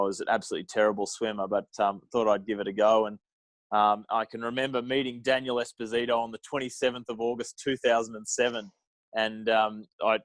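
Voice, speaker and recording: A man in his thirties from Australia, an Olympic athlete telling his story in a casual interview, with many pauses and restarts. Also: lowish voice, no room sound, poor audio. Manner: halting, many ums and restarts. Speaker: interviewee, Olympic modern pentathlete.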